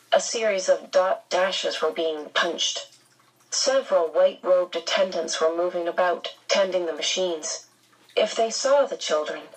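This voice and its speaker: A woman narrating an audiobook in a measured, unhurried storytelling manner. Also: on the low side, slightly rough, distant mic, low-quality recording.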